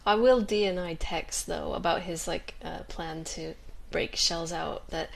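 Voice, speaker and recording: A woman playing a tabletop game, joining in with slow, teasing remarks. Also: on the low side, steady tone, gravelly. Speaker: player.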